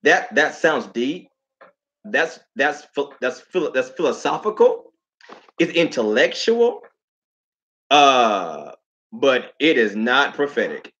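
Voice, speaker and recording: Animated man telling stories, lo-fi sound. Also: medium pitch, slow pace. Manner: animated storytelling, repeats phrases. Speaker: host. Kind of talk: casual livestream talk.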